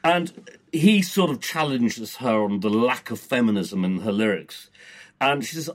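This podcast host is a British man whose mid-range voice has a slightly rough edge. Rambling in a relaxed way, he reads from old press clippings and keeps stumbling into restarts.

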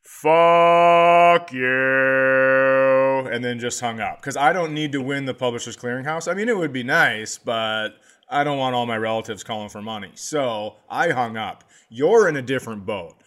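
Comedian co-host, man with a mid-pitched voice, joking, acts out calls and movie lines. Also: lively intonation, a little fast, few pauses, a bit bright. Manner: joking, quoting movies and calls, casual swearing. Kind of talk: casual chat.

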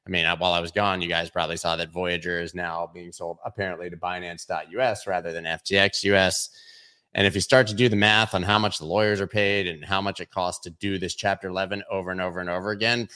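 A man's voice: sits low, bright, forceful tone. A man hosting a weekly crypto news review, talking casually and emphatically, often repeating words for stress.

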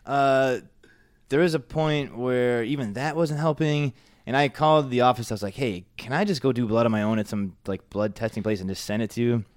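A man telling a story on a talk show in a casual, animated, self-mocking way, often laughing at himself. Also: medium pitch, a little fast, smooth, no room sound, clean studio sound. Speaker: podcast guest.

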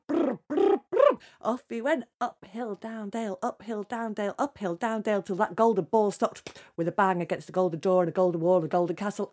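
Lively woman telling a children's tale. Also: medium pitch. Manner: lively, dramatic, drops to hushed tones for suspense. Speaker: storyteller. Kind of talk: oral storytelling for children.

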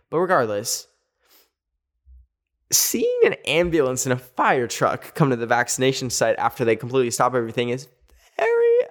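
A man hosting a podcast, telling a story in a casual, animated way with sassy asides. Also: medium pitch. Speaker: podcast host. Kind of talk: casual chat.

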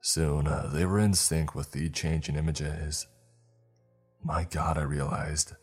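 Very deep, husky male storyteller. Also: fairly even intonation, soft background music. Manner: measured storytelling, first-person narrator. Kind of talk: scripted narration of a horror story.

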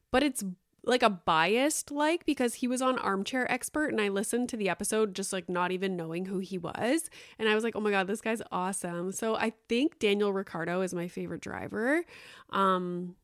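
On her solo podcast, a thirtysomething host chats casually, wandering off-topic with lots of filler words and an occasional curse. She speaks in a mid-range voice at a moderate pace, with clean studio sound and no room noise.

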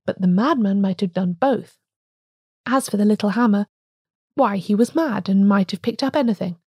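A woman's voice: medium pitch, moderate pace, mellow, husky, dry recording, clean studio sound. A woman reading a storybook voicing an agitated, stammering male curate. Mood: feverish. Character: nervous excited male curate, feverish.

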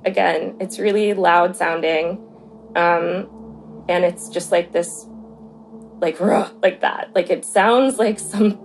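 A young woman tells a personal story in a casual, chatty way, full of fillers and loose restarts. Her pitch sits in an ordinary middle range. A faint hiss of noise runs under the recording. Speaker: guest telling a story.

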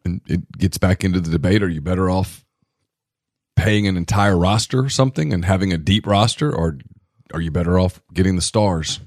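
A man's voice: low-pitched, moderate pace, a little mellow, no echo, clean studio sound. A man co-hosting a sports podcast in casual chat, musing and thinking aloud with many restarts.

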